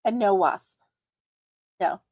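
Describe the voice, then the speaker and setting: Slow-talking, giggly woman host. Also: mid-range voice, no room sound. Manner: chatty, giggly, warm toward viewers, many ums. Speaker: crochet livestream host. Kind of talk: casual live chat with viewers.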